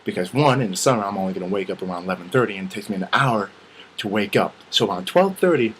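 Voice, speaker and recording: A man's voice: fairly low pitch, fast talker, slight background noise, rough recording. A young man ranting casually and comically, with lots of swearing, acting out bits of dialogue as he goes. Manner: profane, animated, acts out quoted dialogue. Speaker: vlogger. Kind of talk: casual comedic rant.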